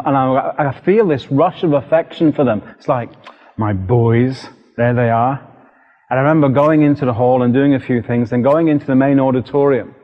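A British man preaching a sermon as a story, lively and re-enacting scenes with sudden shouts. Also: mid-range voice. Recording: dull recording with long hall reverb.

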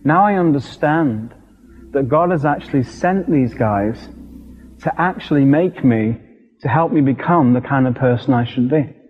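A middle-aged British man preaching a sermon, telling a personal story in an animated, vivid way. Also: mid-range voice, measured pace. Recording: dull lo-fi recording with long hall reverb.

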